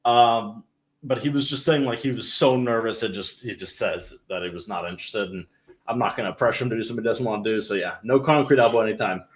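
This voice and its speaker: A man's voice: lowish voice, fast talker. Chatty young man hosting a livestream. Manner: rambling, chatty, laughs easily. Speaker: livestream host. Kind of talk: casual livestream chat.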